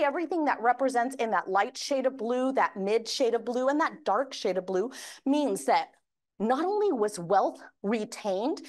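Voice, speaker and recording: A woman giving a lively conference keynote, speaking energetically to the room and getting the audience to raise their hands. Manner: acts out quoted voices with big pitch swings.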